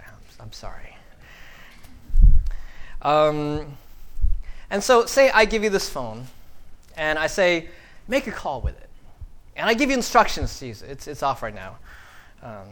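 Animated man preaching a sermon. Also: a little high. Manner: animated, acts out dialogue with big swings in loudness; repeats words and restarts often.

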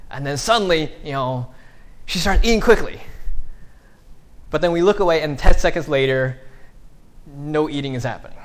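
A man in his thirties preaching a conversational sermon, acting out quotes with lively sarcasm. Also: medium pitch, brisk, pauses often. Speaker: pastor.

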